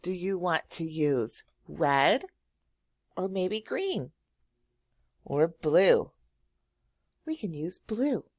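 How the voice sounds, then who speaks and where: A woman teacher giving a slow, encouraging lesson to young children, drawing out words and praising often. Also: fairly low pitch, lively intonation, darkish tone, dry recording, studio quality. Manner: drawn-out words, frequent praise and thinking hums.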